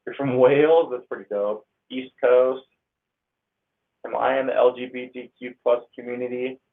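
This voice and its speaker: Gravelly young man on a tinny stream. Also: mid-range voice. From Northern California. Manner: reads out viewer comments, upbeat and slangy. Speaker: livestream host. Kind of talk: casual livestream chat. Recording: tinny phone-like audio.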